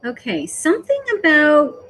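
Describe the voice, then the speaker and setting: A woman psychic medium giving a live-streamed reading, gentle and hesitant, filling pauses with "okay" and "um". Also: sits high, wildly swooping pitch, poor audio. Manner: slow, hesitant, full of "okay" and "um".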